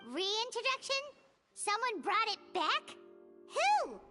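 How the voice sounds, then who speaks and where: Paimon, a squeaky tiny companion. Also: female voice, big pitch swings, slow pace, pushed and bright, faint music behind, exaggerated voice. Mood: curious. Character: tiny, chirpy female floating companion.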